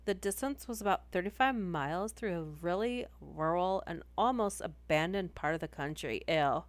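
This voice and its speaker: A woman's voice: on the low side, lively intonation, moderate pace, no echo. A woman putting on a ditzy young valley girl voice to read a horror story aloud, drawling with lots of "like". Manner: drawling, filler-heavy "like" and "and junk".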